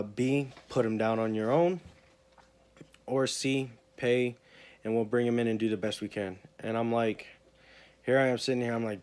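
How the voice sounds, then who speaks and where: A man's voice: fairly low pitch, darkish tone. A young man talks in a rambling, emotional way in a casual personal vlog. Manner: rambling, emotional, repeats himself. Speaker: vlogger.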